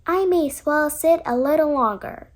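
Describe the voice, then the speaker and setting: A woman voicing a fussy, protective mother duck in a storybook reading, brisk and scolding. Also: high-pitched, natural voice. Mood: fussing.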